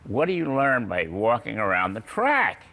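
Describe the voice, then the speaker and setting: Gravelly older man telling stories. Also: medium pitch, sing-song, normal speed, pushed and bright. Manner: anecdotal, chuckling, hesitant with uhs. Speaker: guest. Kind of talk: storytelling interview.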